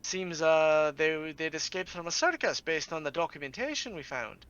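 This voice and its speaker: A man's voice: fairly high pitch, expressive, normal speed, a bit bright, clear, resonant tone, muffled recording, pitched above the performer's own voice. A man putting on a Scottish brogue to voice a stern, kindly healer who bargains with a captive. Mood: stern bargaining. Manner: bargaining firmly, calls people laddie.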